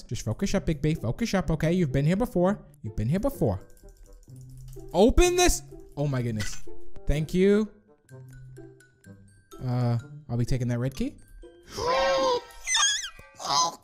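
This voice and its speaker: A young man giving nervous, excitable commentary while playing a video game, often talking himself through it. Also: a little high. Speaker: gaming YouTuber. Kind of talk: live gameplay commentary.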